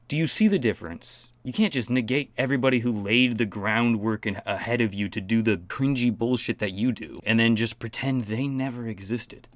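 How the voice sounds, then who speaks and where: A man's voice: mid-range voice, animated, moderate pace, few pauses, dry recording. A man giving mocking, profane commentary on a pop star. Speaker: commentary host. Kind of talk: sarcastic commentary.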